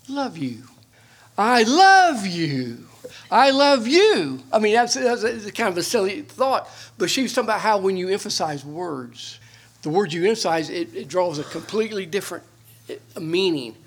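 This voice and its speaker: A man preaching a sermon, his voice slightly husky and pitched a little high for a man. He talks in a folksy, earnest way, rising to emphatic peaks and falling to quiet asides. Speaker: pastor.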